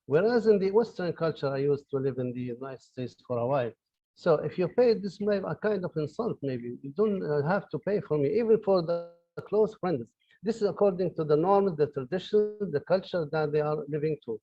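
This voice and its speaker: Music plays in the background of this lo-fi online lecture, given from his office by a Libyan professor whose first language is Arabic. His fairly high voice is expressive and moves at a normal speed, though he hesitates with many fillers and restarts.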